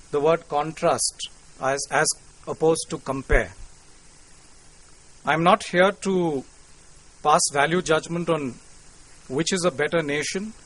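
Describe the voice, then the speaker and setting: A man's voice: fairly high pitch, a bit bright, low-quality recording. Courteous Indian man giving a lecture. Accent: Indian English. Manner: courteous, measured, with cricket quips. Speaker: invited lecturer. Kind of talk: formal public lecture. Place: lecture hall.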